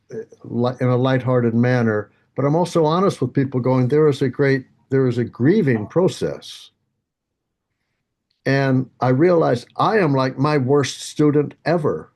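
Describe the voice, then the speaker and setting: A man's voice: mid-range voice, a little mellow. Playful storytelling man in his sixties. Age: 60s. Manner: humorous, self-mocking, acts out voices, laughs often. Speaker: senior yoga teacher. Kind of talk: storytelling on a video call panel. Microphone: video call.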